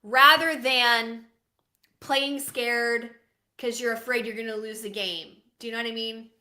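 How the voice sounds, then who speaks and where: A woman co-hosting a casual live-stream sports chat who tells animated stories and laughs often. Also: fairly high pitch, unhurried. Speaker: co-host.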